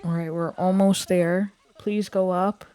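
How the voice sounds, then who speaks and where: A woman's voice: lowish voice, steady tone, measured pace, warm tone, no echo. A young woman casually commenting on her gameplay, chatting along and voicing her characters' thoughts. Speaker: gameplay streamer. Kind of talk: casual let's-play commentary.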